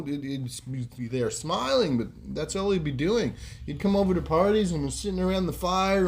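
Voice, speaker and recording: A man hosting a podcast, telling a story casually and rambling with lots of fillers. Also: sits high. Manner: rambling, many fillers and "you know". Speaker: podcast host.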